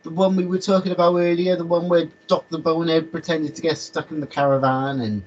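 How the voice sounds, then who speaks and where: A man's voice: a little high, level tone, fairly quick, muffled recording. A man chatting casually on a video call, rambling with lots of stammered restarts. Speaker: host.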